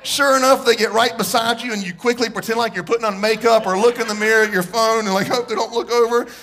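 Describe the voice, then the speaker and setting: Man, preacher, sermon, storytelling, high voice. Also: fast. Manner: animated, joking storyteller with the congregation. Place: church.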